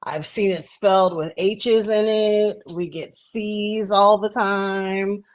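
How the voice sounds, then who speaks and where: A woman speaking into her cell phone as she co-hosts a casual podcast. Her voice sits at a middle pitch, and she is chatty and supportive, often breaking into laughs. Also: steady tone, slow pace. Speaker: podcast co-host.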